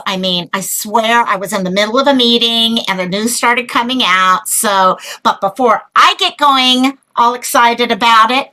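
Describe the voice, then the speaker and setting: Woman, livestream host, chatty, excitable, slightly high voice. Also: poor audio. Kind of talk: casual livestream chat.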